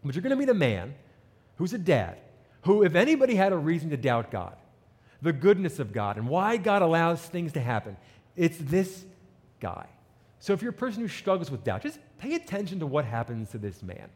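Male pastor, lively sermon voice, slightly high pitch, long hall reverb. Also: moderate pace. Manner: animated preaching, reads scripture and acts out quotes.

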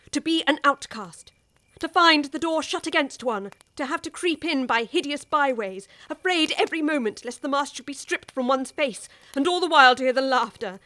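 A woman's voice: sits high, pushed and bright. Mrs Erlynne, an impassioned older woman. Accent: English. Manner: impassioned, pleading, urgent. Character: worldly older woman pleading with a young wife. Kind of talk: radio drama acting.

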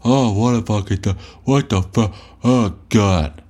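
A man's voice: lowish voice, unhurried, mellow. A man putting on the voice of a fretful, self-pitying man moaning about his failures. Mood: whiny. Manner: moaning, mock-pathetic.

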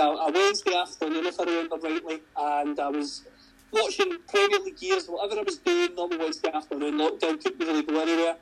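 A man's voice: sits high, creaky, poor audio. A man, a podcast guest chatting earnestly and often repeating words as he restarts his sentences. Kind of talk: casual interview chat.

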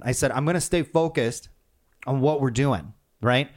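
A man's voice: medium pitch, normal speed. Man telling a story conversationally. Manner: conversational, animated retelling with many restarts. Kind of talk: casual storytelling.

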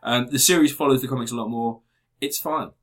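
A man's voice: mid-range voice, steady tone, a little fast. A man in casual, sweary chat, giving blunt opinions on TV series.

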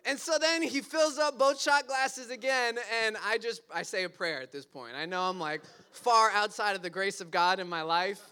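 Bright, clear-voiced young man telling a story. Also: high-pitched, moderate pace, few pauses. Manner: animated, breaks into laughter, lots of fillers. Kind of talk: casual personal storytelling.

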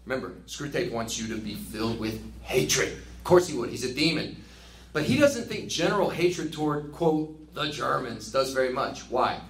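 A man leading a casual book study, chatty and animated, laughing at his own jokes. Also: mid-range voice, normal speed, a little hiss or hum. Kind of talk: casual teaching commentary. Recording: roomy with faint ambience.

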